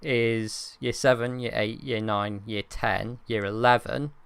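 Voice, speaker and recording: A man's voice: medium pitch, fairly even intonation, slow, vocal fry, a bit bright, smooth, no echo. A young man, co-hosting a casual podcast chat, chatty and self-mocking. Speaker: podcast co-host.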